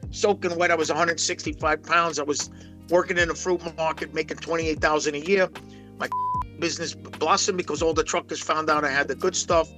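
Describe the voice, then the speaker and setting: Bright and forceful, this slightly high male voice belongs to a poker pro from Brooklyn, New York, in his sixties. He rambles emphatically through his life story as an interview guest, restarting often.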